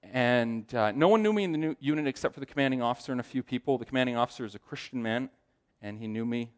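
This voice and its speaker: A man's voice: mid-range voice, fast talker. A man telling a personal testimony as a sermon, acting out the voices of the people in his story. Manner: animated storyteller, acts out quoted voices. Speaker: aspiring chaplain giving a testimony.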